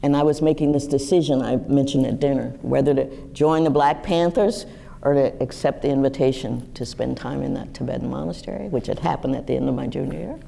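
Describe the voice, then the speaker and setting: A woman in her sixties telling personal stories to a live audience in a lively, animated way. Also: brisk, vocal fry, slight background noise. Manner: lively, animated storytelling with wide pitch swings. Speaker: guest speaker. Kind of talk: storytelling talk to a live audience.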